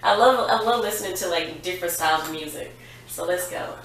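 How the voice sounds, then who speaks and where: A young woman chatting casually as a reaction vlogger, excitable and quick to exclaim along with the video she is watching. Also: fairly low pitch, distant mic, noisy background. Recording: echoey room, off-mic, music behind. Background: music video playing.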